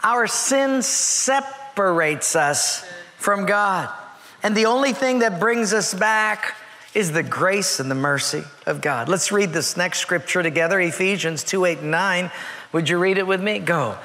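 Brief: male pastor, earnest storytelling sermon, forceful bright voice, long church reverb. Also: sits high, expressive, measured pace. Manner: earnest, emphatic, repeats key words.

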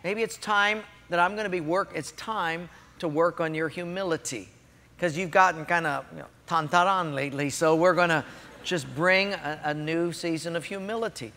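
Preacher doing god, soft low patient voice asking questions, echoey hall. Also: male voice, moderate pace. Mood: gentle. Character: God, a patient, gently probing male voice.

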